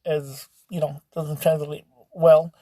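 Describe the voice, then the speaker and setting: A man's voice: a little high, flat delivery, takes it slowly, warm tone, no echo. A man telling a story in a casual, rambling way, full of "you know" fillers. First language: bilingual English and Spanish speaker. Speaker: podcast storyteller.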